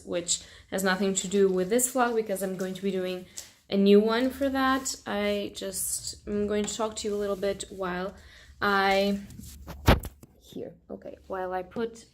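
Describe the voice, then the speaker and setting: A woman's voice: medium pitch, very noisy. A young woman book vlogger in a casual, emotional reaction vlog, gushing and swearing freely.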